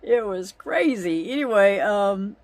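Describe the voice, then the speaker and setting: Slow-talking woman telling family stories. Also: medium pitch, animated, darkish tone, dry recording. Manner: chatty, laughing, drawn-out. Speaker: vlogger. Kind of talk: casual storytelling.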